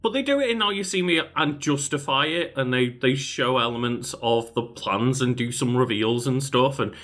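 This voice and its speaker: A man's voice: mid-range voice, animated, moderate pace, fairly bright tone. A man hosting a podcast, chatting casually in an amused way and often breaking into laughter. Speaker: podcast host. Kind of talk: casual chat.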